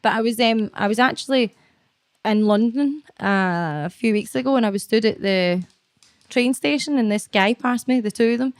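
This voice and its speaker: A woman's voice: on the high side, normal speed, no room sound, clean studio sound. Blunt, sweary Scottish woman. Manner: blunt, salty, swears freely. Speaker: guest. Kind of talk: casual interview chat.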